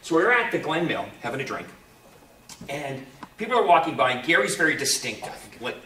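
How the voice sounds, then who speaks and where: Lively male host in an echoey room. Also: on the high side, brisk, distant mic, slight background noise. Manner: lively storyteller, acts out the people in his story. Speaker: convention panel host. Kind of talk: animated anecdote to a live audience. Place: convention panel room.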